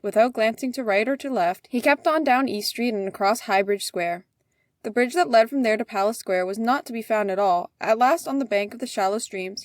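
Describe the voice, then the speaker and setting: A woman's voice: on the high side, dry recording, clean studio sound. Woman reading a fairy tale aloud. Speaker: storyteller. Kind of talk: storybook reading.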